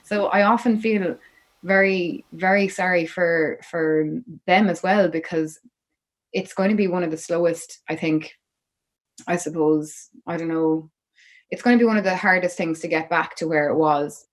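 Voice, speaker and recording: A woman's voice: fairly low pitch, normal speed, rough recording. A young Irish woman, a musician guest on a podcast, telling her story in a chatty way full of "like" and "you know". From Ireland. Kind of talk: podcast interview.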